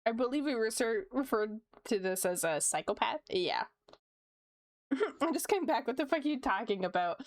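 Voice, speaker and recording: A woman's voice: on the high side, animated, moderate pace. A young woman streamer chatting casually while she draws, reading chat aloud, laughing often and swearing freely.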